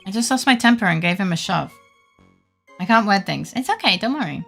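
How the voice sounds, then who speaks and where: A woman's voice: medium pitch, expressive, brisk, creaky, a bit bright. A woman voicing a nervous young male college student on trial, reading his lines in an earnest, pleading way over faint game music. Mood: flustered.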